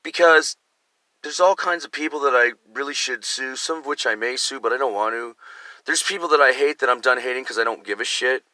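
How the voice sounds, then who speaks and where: A man's voice: medium pitch, a little fast, pushed and bright, no room sound. An older man delivering an agitated, profane, rambling monologue to camera. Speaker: vlogger. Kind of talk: ranting monologue.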